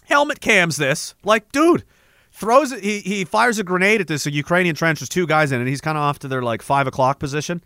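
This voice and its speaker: A man from Canada hosting a casual livestream, telling stories in a profane, rambling, animated way. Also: a little high, a little fast, no echo. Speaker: livestream host.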